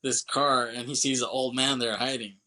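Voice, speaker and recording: A man's voice: medium pitch, flat delivery, moderate pace, bright, forceful tone. A man co-hosting a podcast, retelling a movie's plot in a loose, rambling way, swearing freely and laughing as he goes. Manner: laughs often while talking. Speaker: podcast co-host. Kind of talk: casual movie recap chat.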